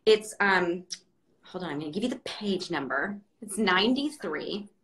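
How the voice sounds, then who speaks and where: A woman's voice: medium pitch, lively intonation, moderate pace, fairly bright tone, rough recording. A woman hosting a book club livestream, speaking earnestly and reading a quote aloud. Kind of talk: livestream interview.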